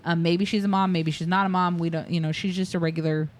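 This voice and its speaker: A woman with a slightly low voice retells a film on a casual podcast. She piles up scene details, drops into quoted lines, and laughs easily between them. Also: steady tone, fast. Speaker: podcast co-host. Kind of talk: casual movie recap chat.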